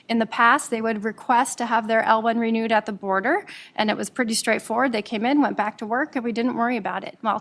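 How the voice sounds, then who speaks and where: A woman from Nebraska, an immigration attorney, presenting a webinar quickly with frequent "um"s and repeated words. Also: a little high. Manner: fast-talking, with frequent fillers and repeated words. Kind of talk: professional presentation.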